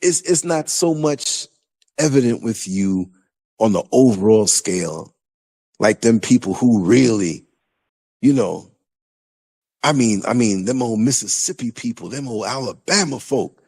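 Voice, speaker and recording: A man with a New York accent hosting a podcast, talking in a loose, animated way with lots of restarts. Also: medium pitch, measured pace, slightly rough. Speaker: podcast host. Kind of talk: casual conversation.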